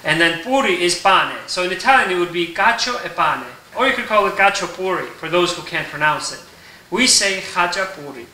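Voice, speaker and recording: A man teaching a recipe in his kitchen, explaining each step in a relaxed way and checking in with "okay?". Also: high-pitched, a little fast, roomy sound, distant mic, slight background noise, low-quality recording. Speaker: home baker teaching a recipe. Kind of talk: casual cooking tutorial. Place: home kitchen.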